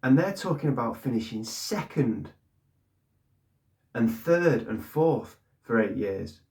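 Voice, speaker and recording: A man's voice: medium pitch, lively intonation, slow, darkish tone. A man giving blunt, ranting fan commentary on his club, swearing and repeating points for emphasis. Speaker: fan channel host.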